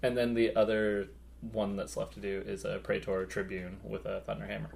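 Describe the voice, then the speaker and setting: A man's voice: on the low side, little pitch movement, moderate pace, gravelly, darkish tone. A man co-hosting a podcast, chatting casually and rambling with many fillers about his hobby. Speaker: podcast co-host.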